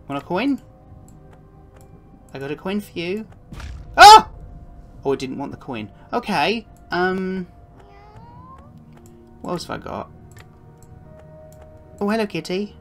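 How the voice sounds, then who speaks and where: A woman streaming a puzzle game, chatting along and cooing to the cats on screen with little giggles. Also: lowish voice. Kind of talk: live gameplay commentary.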